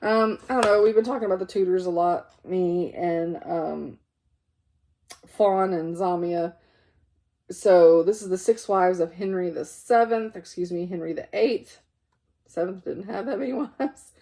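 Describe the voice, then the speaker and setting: Sounding tired and yawning now and then, a cross-stitch vlogger casually chats through her works in progress, full of fillers and self-corrections. Her voice is fairly low, unhurried, and mellow.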